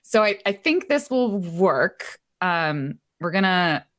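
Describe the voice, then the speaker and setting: A woman playing a tabletop game, hesitant and thinking aloud with many pauses. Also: fairly low pitch, big pitch swings. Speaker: player.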